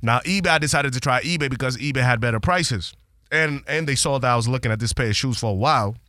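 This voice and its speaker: A man hosting a podcast, animated and profane as he retells a story in casual slang. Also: medium pitch, fast talker, no room sound, clean studio sound.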